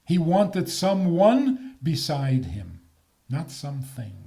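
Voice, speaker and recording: A man's voice: fairly high pitch, takes it slowly, vocal fry. An older man, a rabbi, giving a talk on faith with jokes and rhetorical questions. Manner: animated, joking, rhetorical questions.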